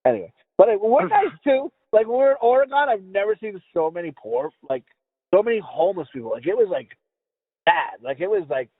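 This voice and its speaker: A man's voice: high-pitched, very animated, fairly quick, husky, dry recording. A man from the US East Coast co-hosting a podcast, rambling and swearing as he tells stories in casual chat, stumbling over his words. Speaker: podcast co-host. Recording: tinny phone-like dry sound.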